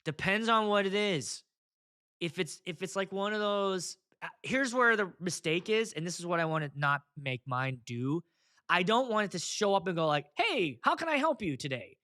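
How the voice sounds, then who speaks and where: A man hosting a casual podcast, telling stories in an animated, profane, comic ranting way. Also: high voice, normal speed, smooth. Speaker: podcast host, wedding DJ.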